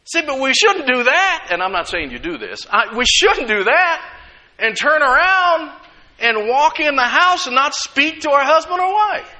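A middle-aged man, preaching a sermon as a pastor, lively and full of laughs and acted-out voices. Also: extremely high pitch, moderate pace.

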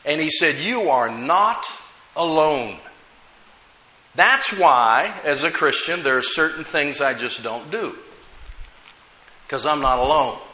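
A man's voice: a little high, measured pace, pushed and bright. An American man preaching a sermon as pastor, telling stories with rising emphasis. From United States. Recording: echoey room, dull lo-fi sound.

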